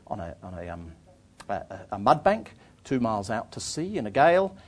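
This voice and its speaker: A man, an author, telling travel anecdotes to an audience in a lively, self-deprecating way, often restarting his phrases. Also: lowish voice, normal speed. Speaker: author giving a talk.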